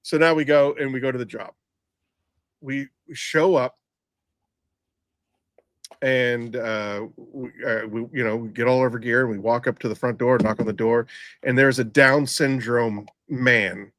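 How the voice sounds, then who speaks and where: A middle-aged man tells a grim work story in loose podcast chat, often restarting his sentences and circling back. His voice sits at an ordinary pitch for a man. The recording is dry and close, with little room sound. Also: steady tone, measured pace, fairly bright tone, dry recording. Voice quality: rambling, frequent restarts and fillers. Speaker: podcast host, former EMT. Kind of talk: casual storytelling.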